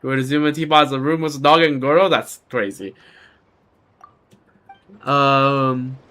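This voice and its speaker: A man's voice: medium pitch, unhurried, bright, forceful tone. A man giving casual let's-play commentary, rambling and self-deprecating, often restarting his sentences. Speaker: game streamer.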